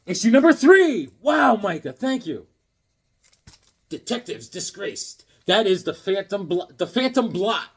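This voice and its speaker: A man chats casually as a comic collector, throwing in dad jokes and long, rambling stories. His voice is husky and sits a bit high for a man, and it swings widely in pitch. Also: very animated, a little slow. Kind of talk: casual chat while unboxing comics.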